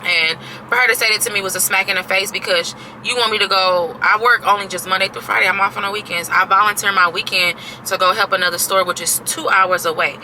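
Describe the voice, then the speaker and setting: A woman's voice: medium pitch, fairly even intonation, quick pace, few pauses, sharp tone, slight background noise, poor audio. A woman in her thirties casually venting to her camera, exasperated and emphatic, repeating herself and swearing freely. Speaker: vlogger.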